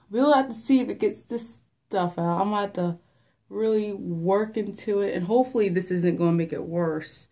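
Filming on a phone held in her hand in a home bathroom, a young woman talks through washing her hair, slightly breathless, chatty and full of fillers as she rambles. Her voice is mid-range and mellow, at a normal speed.

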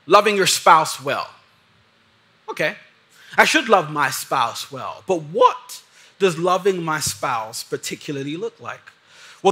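A male pastor preaching with a bright, forceful edge to his voice, pitched a little above most men. He is earnest and slows right down to draw out key words for emphasis. In prayer he drops to a soft, low hush. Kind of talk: sermon.

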